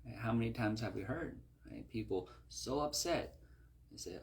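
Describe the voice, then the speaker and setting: A man's voice: medium pitch, lively intonation, moderate pace. A man preaching a conversational sermon, often asking "right?" as he talks.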